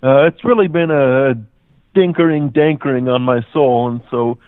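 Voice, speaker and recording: A man's voice: mid-range voice, moderate pace, clear, resonant tone, no room sound. A man calling in to a show, goofy and meandering, stumbling over made-up words. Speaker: caller. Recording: dry, tinny phone line.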